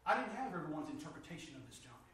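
A man preaching a sermon, telling stories with lively energy that climbs high and loud when excited. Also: very fast, far from the mic, slight background noise. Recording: echoey room, from off mic.

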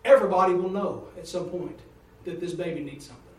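A man preaching a sermon in a folksy storytelling way, swinging from loud to hushed. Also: high-pitched, fast. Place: church sanctuary. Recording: echoey room heard from a distance.

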